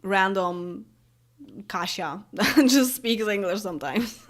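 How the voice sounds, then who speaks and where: A woman YouTuber from Poland, late twenties, chats with viewers about their comments in a rambling way, with frequent fillers and easy laughs. Her Polish-accented voice is mid-range, expressive and slow.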